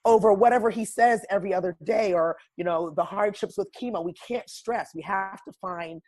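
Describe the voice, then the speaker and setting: A woman's voice: medium pitch, moderate pace, darkish tone. Woman guest, wellness coach type. Emphatic, straight-talking, preachy. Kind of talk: casual podcast conversation.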